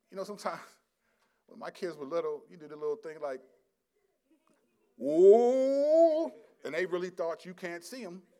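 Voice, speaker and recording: A middle-aged male pastor giving a sermon, swinging from quiet, low asides to loud, emphatic scripture reading. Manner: reads scripture aloud with rising intensity.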